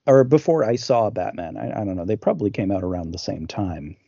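A man's voice: lowish voice, brisk, vocal fry, warm tone, no echo, highs cut off. A man co-hosting a podcast, chatting casually about films, with many fillers and restarts. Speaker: podcast co-host. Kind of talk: casual film discussion.

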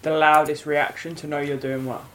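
A young woman chats as a comedian guest, quick and easy to laugh. Her voice carries a roomy echo. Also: deep voice, level tone, fairly bright tone. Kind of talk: casual chat.

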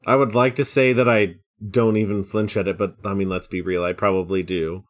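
A man playing a tabletop game, deadpan and stubborn. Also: low voice, a little fast. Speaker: player.

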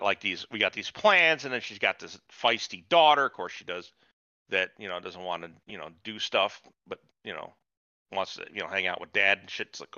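A man hosting a podcast rants about a show in casual, profane chat, his lowish voice bright and forceful. There's no echo, though the recording is dull and lo-fi.

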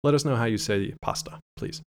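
A man's voice: medium pitch, fairly quick, a little hiss or hum. A man co-hosting a casual podcast chat, joking and playful. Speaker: podcast co-host.

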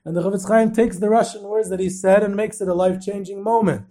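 A man hosting a history podcast, telling stories in a lively way and sprinkling in Yiddish and Hebrew terms. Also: high voice, quick pace. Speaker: podcast host and tour guide.

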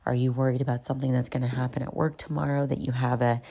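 A woman's voice: rumbling low, little pitch movement, fast, creaky, dark tone. A woman recording a casual voice note about anxiety and sleep. She talks in a chatty, profane way and often drops into whispers. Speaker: vlogger. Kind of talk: casual self-help voice note. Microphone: phone voice note.

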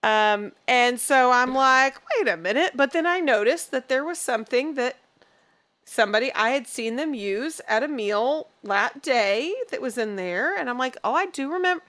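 A middle-aged woman co-hosting a podcast, telling a family story in an animated, chatty way and slipping into voices when she quotes people. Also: fairly high pitch, measured pace. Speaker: podcast co-host. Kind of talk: casual chat.

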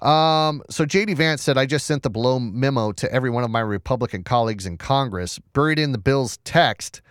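A man's voice: medium pitch, brisk, clear, resonant tone, dry recording, clean studio sound. A man hosting a casual news commentary show, chatty and sarcastic, often restarting words and reading from the screen.

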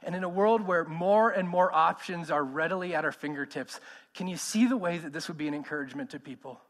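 A man's voice: fairly high pitch, a little fast, in a large hall. A man in his thirties preaching a sermon, emphatic and conversational, putting questions to the congregation. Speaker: pastor.

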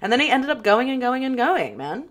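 A woman co-hosting a podcast in casual chat, animated and swearing freely. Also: high-pitched, a little fast. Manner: animated, swears freely, reads quotes aloud. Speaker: podcast co-host.

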